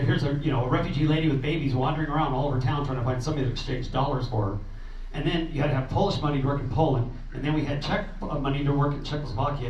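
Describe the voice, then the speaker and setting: A man's voice: fairly high pitch, a little mellow. A man telling a meeting audience about a refugee relief trip, earnest and rambling, with fillers and restarts. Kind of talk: informal talk to a meeting audience. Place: meeting room. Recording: roomy, distant, dull sound with faint noise.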